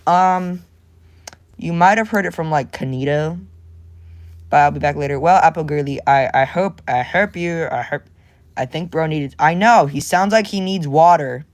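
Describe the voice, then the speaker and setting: A young male streamer chats casually with viewers while drawing, rambling, joking, and jumping between silly voices and whispers. His voice is fairly high and his pace moderate.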